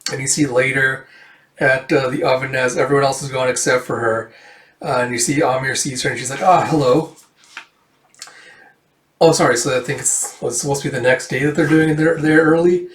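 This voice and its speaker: A man's voice: medium pitch, fairly even intonation, quick pace, a bit bright. A man casually reading a comic aloud and narrating the panels in a rambling, filler-filled way. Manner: rambling, filler-heavy retelling. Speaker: comic reader. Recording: roomy echo.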